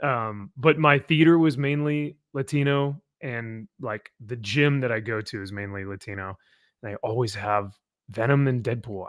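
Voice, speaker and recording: A man hosting a casual panel chat about comics, animated and joking, from Southern California. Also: medium pitch, no room sound, studio quality. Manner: animated, mimics people with loud put-on voices. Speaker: podcast host.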